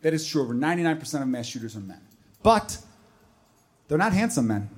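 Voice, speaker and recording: High-voiced male stand-up comic. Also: fast, slightly rough. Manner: animated storytelling with voiced asides. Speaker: stand-up comedian. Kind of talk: stand-up comedy set.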